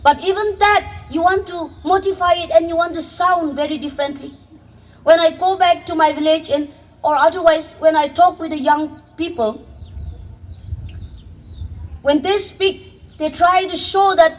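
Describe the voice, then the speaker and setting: A woman's voice: very high voice, normal speed, low-quality recording. A woman, addressing young viewers earnestly and passionately. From Northeast India. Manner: impassioned, exhorting, with restarts. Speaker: vlogger.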